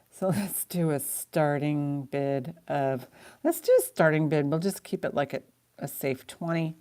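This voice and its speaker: A middle-aged woman runs a live online jewelry auction in loose, rambling chat, laughing often. Her voice sits low with a gravelly fry. She talks like she is chatting with regulars. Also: warm tone. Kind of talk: casual live-stream selling.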